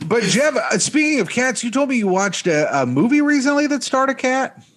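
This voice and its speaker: A man's voice: very high voice, big pitch swings, moderate pace, fairly bright tone, slight background noise. A young man co-hosting a casual podcast chat, teasing his friend with dry humor. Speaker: podcast co-host.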